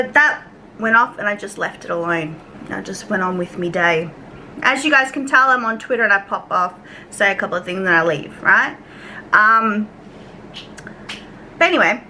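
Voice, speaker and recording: Bright-voiced Australian woman ranting. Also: medium pitch, a little hiss or hum, low-quality recording. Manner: chatty, swears freely, acts out quoted exchanges. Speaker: YouTube commentary creator. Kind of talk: casual storytime rant to camera.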